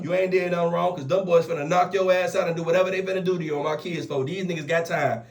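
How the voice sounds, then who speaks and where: A young man tells a story in a high voice, loose and animated, packed with profanity. He keeps swearing on his kids after nearly every sentence, in a casual storytelling style. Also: quick pace, gravelly. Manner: animated, profane street slang, repeats oaths like "on my kids, folks". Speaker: storyteller vlogger.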